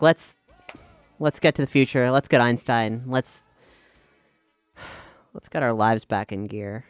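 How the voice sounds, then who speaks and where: A man speaking as a player in a tabletop role-play, thoughtful and soft-spoken. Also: medium pitch, fairly even intonation, slow pace, long pauses, clear, resonant tone, no echo, soft background music.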